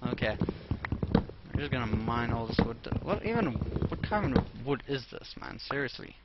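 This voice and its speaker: A man's voice: mid-range voice, big pitch swings, moderate pace. A young man hosting a let's play, rambling casually and talking to himself as he plays. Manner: rambling, talks to himself while playing. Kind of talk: casual gameplay commentary. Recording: dull lo-fi mic with clear noise.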